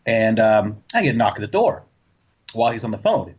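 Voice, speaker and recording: A man's voice: lowish voice, sing-song, brisk, breathy edge. A man on a casual radio show, telling a long story in a rambling way with many restarts and curses. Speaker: co-host. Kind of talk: casual podcast chat. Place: home living area. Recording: dull lo-fi audio.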